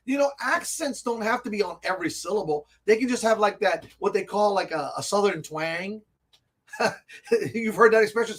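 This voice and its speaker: A man with a high-pitched voice hosts a laid-back tabletop gaming chat. He rambles, gets carried away with excitement and laughs a lot, talking from a comic and game shop. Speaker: host of a tabletop gaming show. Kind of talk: casual live stream chat.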